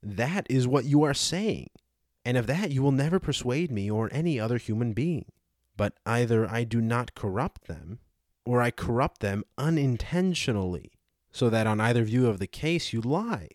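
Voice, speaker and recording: A man's voice: medium pitch, lively intonation, moderate pace, a little mellow, no echo, clean studio sound, natural voice. A man reading the part of an aged male philosopher, cross-examining with rhetorical questions, for a dramatized audiobook. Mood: indignant.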